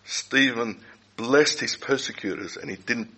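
A middle-aged man preaching a sermon, speaking deliberately and repeating key phrases for emphasis. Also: medium pitch, sharp tone, slightly rough, rough recording.

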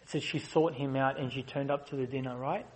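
A man preaching a sermon as a guest preacher, swinging between loud, passionate rises and soft, slow explanation. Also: medium pitch, steady tone, low-quality recording.

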